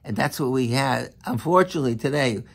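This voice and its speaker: A man giving a sermon as a rabbi, speaking in an animated, emphatic way and often repeating himself. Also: mid-range voice, brisk, creaky. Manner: animated, emphatic, with frequent repetition.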